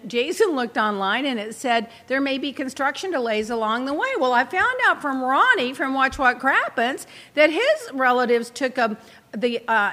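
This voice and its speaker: A woman talk show host spins a long, rambling anecdote in a bright, lively voice. Her pitch sits a little high and leaps around as she acts out her own asides. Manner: animated, rambling, quotes herself in asides. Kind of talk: chatty storytelling monologue.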